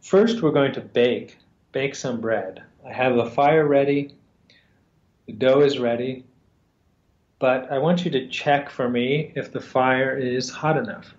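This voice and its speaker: A cruel, bossy old witch given voice by a man telling the tale. She speaks slowly and plainly, without any theatrical change. The recording is echoey and a little muffled. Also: mid-range voice, natural voice. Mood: commanding. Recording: roomy, slightly dull sound.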